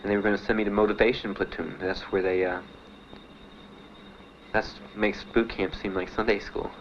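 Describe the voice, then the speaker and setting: Like an old 1970s archive tape, this muffled, dull recording carries a young veteran's testimony over a faint hiss. His voice is slightly low and his tone level, and he talks plainly and haltingly, with frequent pauses and fillers.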